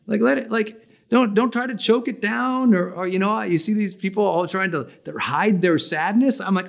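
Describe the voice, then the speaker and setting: Male life coach in his forties, fairly high voice, energetic and conversational delivery for a class. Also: moderate pace, vocal fry. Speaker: personal development coach. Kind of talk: motivational class talk.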